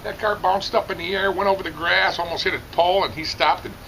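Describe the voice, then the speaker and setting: Middle-aged man, bright gravelly voice, lively rambling storyteller at an outdoor cookout. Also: high-pitched, quick pace, a little hiss or hum, poor audio. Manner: animated, rambling, acts out the story. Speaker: storyteller at a barbecue contest. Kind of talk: casual anecdote telling. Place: outdoors at a barbecue competition.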